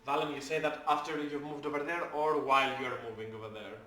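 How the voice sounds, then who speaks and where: A man running a tabletop game as dungeon master, with many pauses and fillers. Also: medium pitch, pushed and bright, reverberant, slight background noise.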